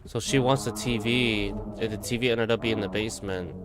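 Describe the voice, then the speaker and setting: A man's voice: on the low side, steady tone, brisk, over a noisy crowd. A man giving casual commentary while playing a horror game, jumpy and swearing. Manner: jumpy, swearing, nervous laughs. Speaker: gamer streaming a horror game.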